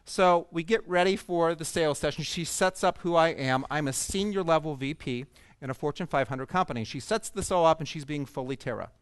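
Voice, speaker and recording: A man with a fairly high, smooth, resonant voice tells a story to an audience of coaches. He speaks expressively and with humor, and the sound is dry and close. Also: a little fast, no echo. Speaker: conference speaker. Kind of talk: storytelling keynote talk to coaches. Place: event stage before an audience.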